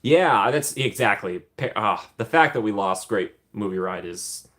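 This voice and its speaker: A man's voice: lowish voice, expressive, a little slow, a bit bright. A man hosting a casual livestream, reading viewer questions aloud and chatting back with frequent laughs and ums. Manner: chatty, laughs often, many ums, reads chat aloud. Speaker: livestream host answering chat. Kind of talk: casual live Q&A chat.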